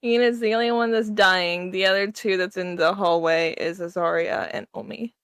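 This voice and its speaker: A woman's voice: medium pitch, steady tone, normal speed, fairly bright tone, smooth, no room sound. A woman running a tabletop game as game master, narrating in a casual, matter-of-fact way.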